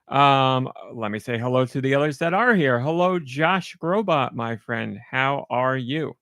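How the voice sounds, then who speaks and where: A man's voice: medium pitch, animated, unhurried, fairly bright tone, clear, resonant tone, no echo. A middle-aged man hosting a podcast alone, chatting casually in a rambling, self-deprecating way into a close mic. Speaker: podcast host. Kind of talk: casual solo podcast chat.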